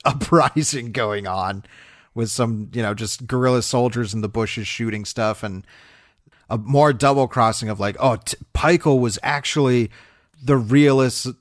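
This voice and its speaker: A man co-hosts a film podcast in a loose, rambling way, full of fillers and half-finished starts. His voice sits at an ordinary middle pitch. The room is very dry, with no echo at all. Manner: rambling, many fillers and restarts, laughs often. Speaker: podcast co-host. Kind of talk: casual film review chat.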